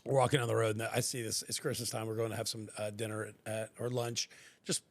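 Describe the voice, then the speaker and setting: A middle-aged man hosting a podcast, chatting casually and telling animated stories with acted-out quotes. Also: lowish voice, quick pace. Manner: animated storyteller, acts out quotes. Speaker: podcast host. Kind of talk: casual chat.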